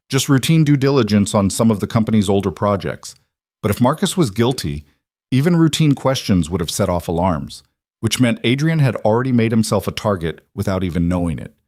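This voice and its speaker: A man narrating a scripted dramatic story in a steady, even manner. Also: lowish voice, dry recording, studio quality.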